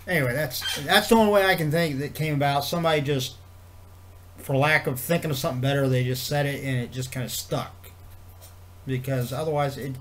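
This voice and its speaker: A man vlogging in a rambling casual way, swearing freely and filling pauses with ums and you-knows. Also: mid-range voice, fairly bright tone. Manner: rambling, profane, many fillers and restarts. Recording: faint background noise.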